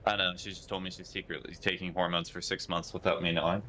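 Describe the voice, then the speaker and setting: A deep-voiced man streams a driving game and talks fast, chatting casually and replying to his viewers' messages while playing. Steady noise and hum sit behind his voice.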